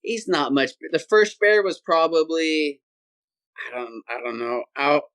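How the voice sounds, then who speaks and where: A man, a podcast guest telling a hunting story in a lively, casual way and acting out sounds and voices. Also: fairly high pitch, unhurried. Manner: animated, acts out sounds and voices.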